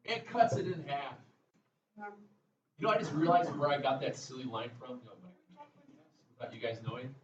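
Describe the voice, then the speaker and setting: A man's voice: mid-range voice, moderate pace, pauses often. A male math teacher giving a classroom lecture, chatty and drifting into jokey asides. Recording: echoey classroom, mic far off, muffled, faint room noise.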